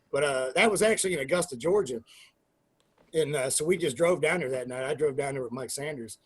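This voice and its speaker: A man in his forties, a former pro wrestler, telling profane, animated stories in an interview and acting out quoted dialogue. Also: mid-range voice, brisk, slightly rough. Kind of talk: casual storytelling interview.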